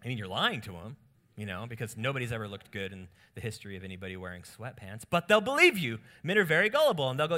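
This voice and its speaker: A man preaching a sermon on marriage in an animated way, acting out quoted lines in different voices. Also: mid-range voice, fast talker. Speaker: pastor.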